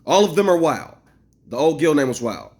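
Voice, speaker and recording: A man telling a long, rambling story to camera, animated and profane, acting out what others said. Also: fairly high pitch, normal speed. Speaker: vlogger. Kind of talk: casual storytelling rant.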